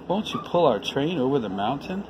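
A man's voice: mid-range voice, very animated, normal speed, noisy background, close to an everyday voice. A man voicing a crowd of small dolls and toys crying out in a storybook. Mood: pleading. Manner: crying out, pleading. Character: chorus of pleading dolls and toys.

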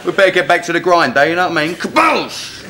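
A brash, boorish boyfriend. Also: male voice, high-pitched, expressive, fast talker, heavy background noise. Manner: brash, blokey.

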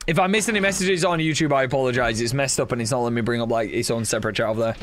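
A man streamer giving casual commentary while playing a horror game, excitable, swearing often and chatting with his viewers. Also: mid-range voice, rapid-fire, hardly any pauses, a little hiss or hum.

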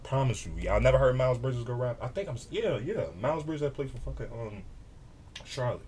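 A man hosting a reaction video, excitable and animated, swearing freely as he comments. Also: medium pitch, fairly quick, slight background noise.

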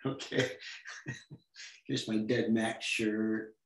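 A man leads a comics drawing class over a video call, chatting as he draws and throwing in silly sound effects. His voice sits at a middle pitch. The room around him sounds echoey. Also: a little hiss or hum. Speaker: comics workshop teacher. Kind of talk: online drawing lesson.

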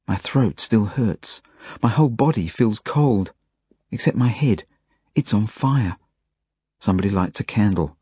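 A man reading an audiobook as a first-person narration, in plain, measured storytelling. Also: on the low side, lively intonation, darkish tone, breathy edge, no room sound, clean studio sound. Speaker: audiobook reader.

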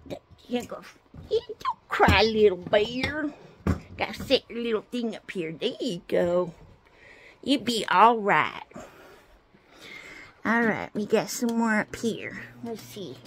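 A woman making a playful home video for a child, slow and sing-song, with soft drawn-out repeats. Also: mid-range voice, lively intonation, background noise. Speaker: home video maker playing with toys for a child.

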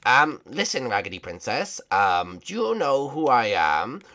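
A man's voice: medium pitch, wildly swooping pitch, measured pace, sharp tone, pitched below the performer's own voice, full character voice. A man voicing a goofy, lovesick old wizard king over gameplay, rambling with lots of ums and hesitations. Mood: bumbling.

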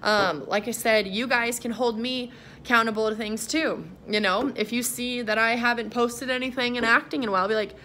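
A woman's voice: on the high side, a little fast, sharp tone, slight background noise. A young woman vlogging at home as an aspiring actress, chatting in an upbeat, rambling way and walking from room to room with the camera. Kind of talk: casual motivational vlog. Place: her home, walking between rooms.

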